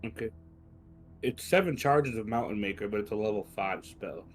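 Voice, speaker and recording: A man's voice: on the low side, moderate pace, slight background noise. A man playing in a live tabletop game, asking questions and methodically listing his character's options. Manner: inquisitive, lists options methodically. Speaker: player. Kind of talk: casual tabletop chat.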